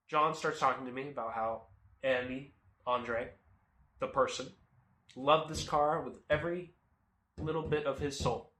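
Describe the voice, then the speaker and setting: A young man telling a comic car story in an animated, self-mocking way, recorded in a home garage. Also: medium pitch, echoey room. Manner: animated, jumps into loud silly voices, self-mocking. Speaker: car vlogger.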